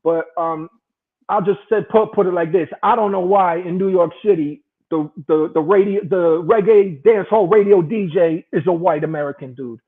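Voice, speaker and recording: A man's voice: sits high, moderate pace. A man casually telling a profane, rambling story with a lot of laughing. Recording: tinny phone-like line.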